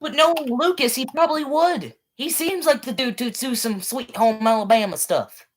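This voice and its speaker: A woman's voice: sits high, normal speed. A woman co-hosting a casual game review podcast, talking animatedly, swearing and acting out game characters. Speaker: podcast co-host.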